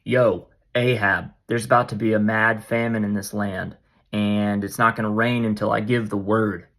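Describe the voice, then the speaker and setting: A man's voice: lowish voice, steady tone, normal speed, fairly bright tone. A man voicing a male prophet as a cool, unbothered guy who talks in casual slang. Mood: cocky.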